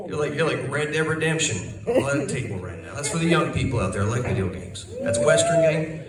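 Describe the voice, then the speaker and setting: A young man doing a loose, rambling stand-up set with crowd work, swearing freely. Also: on the high side. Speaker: stand-up comedian. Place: comedy club stage. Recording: roomy club, crowd laughter, distant capture.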